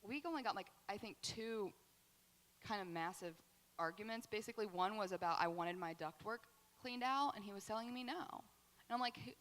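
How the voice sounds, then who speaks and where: A woman pastor speaks with a bright, clear tone, open and heartfelt, her words tumbling out with many fillers. The sound carries a long reverb from a church hall. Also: medium pitch, normal speed. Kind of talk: candid testimony at a church Q&A.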